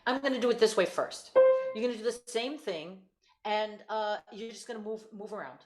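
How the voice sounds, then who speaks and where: A woman voice teacher coaching a student over a video call, giving quick praise and clear instructions. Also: mid-range voice, roomy sound, loud music behind the voice. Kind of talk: virtual one-on-one singing lesson.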